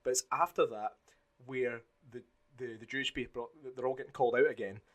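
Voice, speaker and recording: A man co-hosting a podcast in casual chat, lively and swearing, acting out movie scenes in put-on voices. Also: mid-range voice, a little fast. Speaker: podcast co-host.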